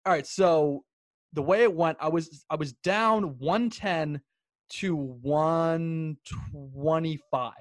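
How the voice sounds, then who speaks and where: A young man co-hosting a podcast, chatting about sports in an excitable, swearing, storytelling way. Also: fairly high pitch, slow, no echo, studio quality. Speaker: podcast co-host. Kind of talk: casual sports chat.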